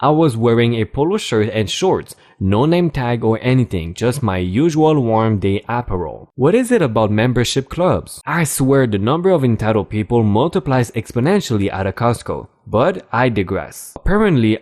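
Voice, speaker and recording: Animated male story narrator. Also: medium pitch, normal speed. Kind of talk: scripted narration of online stories.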